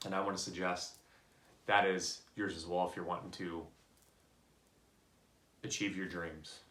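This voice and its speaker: Low-pitched male motivational speaker, earnest and candid, recorded in an echoey room. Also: a little slow. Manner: earnest storytelling, animated when voicing others. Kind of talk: personal motivational talk.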